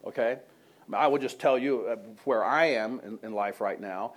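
A man's voice: medium pitch, moderate pace. A male pastor preaching a sermon to a congregation, retelling a story in a conversational way and asking the room questions.

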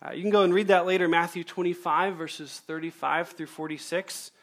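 A male pastor preaching a sermon, emphatic and measured, repeating key phrases and slowing down to stress them. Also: fairly high pitch, fairly even intonation, fairly bright tone.

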